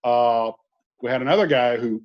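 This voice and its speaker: Guy telling long rambling stories, mid-pitched voice, kinda muffled lo-fi audio. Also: moderate pace. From southern US. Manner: rambling storyteller, folksy asides. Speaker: guest. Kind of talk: casual conversation.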